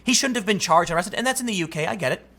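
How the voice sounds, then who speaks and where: A man's voice: high voice, animated, rapid-fire, bright, forceful tone. A man giving a solo political commentary monologue, emphatic and indignant, ranting to the camera.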